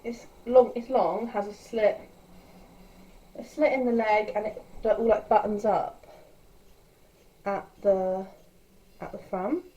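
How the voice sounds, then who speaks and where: A woman's voice: medium pitch, steady tone, slow, long pauses, warm tone, highs cut off. Chatty woman vlogging. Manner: chatty, rambling, with filler words. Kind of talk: casual vlog chat.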